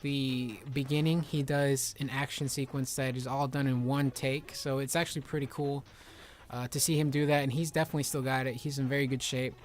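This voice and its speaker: A man hosting casual game commentary, rambling excitedly with lots of filler words. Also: mid-range voice, fairly quick, a little hiss or hum. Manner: rambling, excitable, heavy use of "like". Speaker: video game reviewer.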